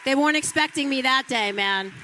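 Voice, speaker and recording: High, fervent woman speaking in a hall. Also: a little fast, some chatter behind, a little hiss or hum. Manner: fervent, building to shouted peaks. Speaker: speaker at a political event. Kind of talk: impassioned public speech.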